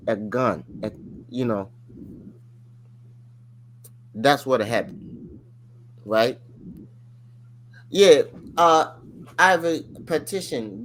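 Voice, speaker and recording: A man co-hosting a podcast in casual chat, telling a story in an animated, rambling way full of fillers. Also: mid-range voice, a little hiss or hum. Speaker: podcast co-host.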